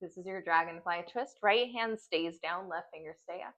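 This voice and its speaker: A woman's voice: on the low side, moderate pace, a bit bright, highs cut off. A woman leading a yoga class at home, giving short breath-paced cues while doing the poses and getting out of breath. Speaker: yoga instructor.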